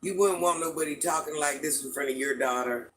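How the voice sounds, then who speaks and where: A woman's voice: deep voice, fairly quick, slight background noise, low-quality recording. An older woman hosting a casual livestream from home, chatting with viewers and greeting them with pet names. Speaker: livestream host.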